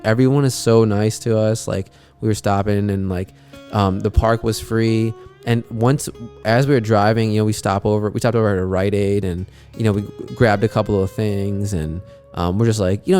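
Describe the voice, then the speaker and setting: A man's voice: lowish voice, dark tone. A young man hosting a podcast, rambling through a travel story in a laid-back, profane way, with plenty of fillers. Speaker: podcast host. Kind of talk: casual travel story chat.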